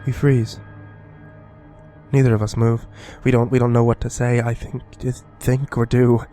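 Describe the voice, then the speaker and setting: Man narrating horror over soft music. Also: medium pitch, little pitch movement, normal speed. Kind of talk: scripted first-person horror narration.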